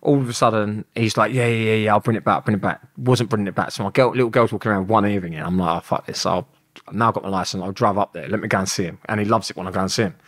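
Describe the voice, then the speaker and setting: London man, lowish voice, young adult, rambling swearing storyteller, casual interview. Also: steady tone, rapid-fire. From England. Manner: swearing, rambling, laughs through his story. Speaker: guest.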